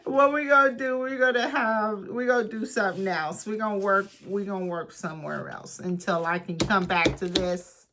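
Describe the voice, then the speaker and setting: A woman's voice: mid-range voice, fairly bright tone. A woman chatting casually through a craft project, thinking aloud and talking to herself as she works. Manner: slow, unhurried delivery with frequent pauses. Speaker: craft and journaling creator. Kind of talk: casual craft tutorial chat.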